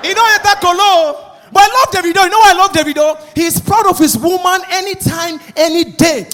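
A man with a Nigerian accent doing animated stand-up comedy, shouting his punchlines in pidgin. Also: very high-pitched, brisk. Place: live comedy venue. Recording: live stage with crowd noise and echo. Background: audience.

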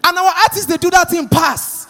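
A man with a Nigerian accent doing animated stand-up comedy, slipping into Pidgin and acting out quotes. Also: extremely high pitch, a little fast, creaky, soft background music. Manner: animated, switching between Pidgin and acted quotes. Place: live comedy stage.

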